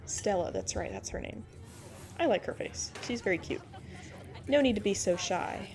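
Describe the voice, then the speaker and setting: A woman's voice: mid-range voice, animated, moderate pace, darkish tone, a little hiss or hum. A woman hosting a let's play, casually commenting and reading game text aloud in a playful, chatty way. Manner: playful, chatty, reacts with frequent laughs. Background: game background music.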